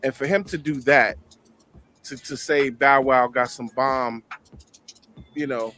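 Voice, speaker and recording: A man co-hosting a podcast, giving measured counterpoints in a casual debate, with frequent stops and restarts. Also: medium pitch, steady tone, pushed and bright, soft background music. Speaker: podcast co-host.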